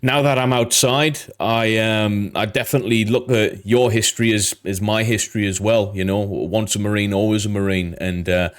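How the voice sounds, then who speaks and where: British man, slightly low voice, halting, sincere, many fillers, casual reaction commentary. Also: steady tone. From Britain. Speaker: Royal Marine reaction vlogger.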